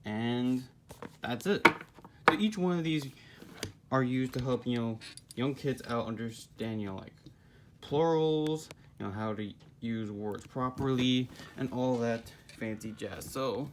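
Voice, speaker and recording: A man's voice: mid-range voice, a little slow, a bit bright, slight background noise. Rambling young man reviewing books. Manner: rambling, full of fillers. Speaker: book reviewer. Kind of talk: casual review. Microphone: phone.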